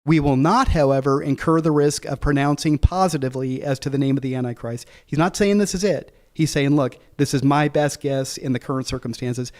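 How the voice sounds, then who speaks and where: A man teaching a Bible class, reading quoted passages slowly and explaining them in a casual way, thinking aloud with many fillers and restarts. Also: medium pitch, fairly even intonation. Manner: slows down to read quoted passages.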